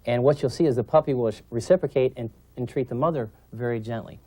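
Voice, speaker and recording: Male trainer mid-lesson, even-pitched, patient and instructive, frequent check-ins, dry room. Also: fast talker, no room sound. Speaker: dog trainer. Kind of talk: instructional demonstration.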